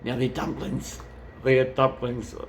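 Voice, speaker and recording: A man's voice: medium pitch, completely flat delivery, slow pace, slight background noise. A man chatting casually as a travel vlogger, rambling and swearing freely. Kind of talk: casual chat.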